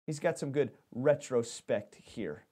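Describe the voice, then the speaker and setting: A man's voice: medium pitch, slow, dark tone, slightly rough. A man preaching a sermon as pastor, talking animatedly and often restarting his phrases.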